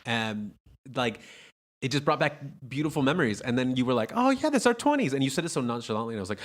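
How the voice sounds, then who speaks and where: Animated, laughing male podcast host. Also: mid-range voice, fast. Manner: animated, laughing, swears freely. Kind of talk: casual chat. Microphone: livestreamed podcast mic.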